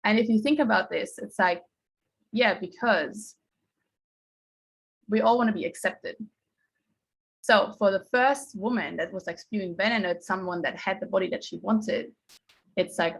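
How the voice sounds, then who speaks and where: A woman's voice: medium pitch, a little slow, vocal fry, long pauses, slightly rough, poor audio. A woman mindset coach giving a casual talk to a group, telling stories in a chatty way and acting out what people said. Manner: chatty storytelling, acting out quotes.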